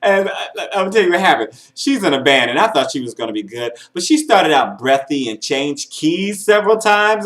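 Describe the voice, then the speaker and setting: A man's voice: on the high side, big pitch swings, moderate pace, few pauses, a bit bright, echoey room. A man giving a casual, chatty recap of talent show auditions, with mock-shocked asides. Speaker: show commentator.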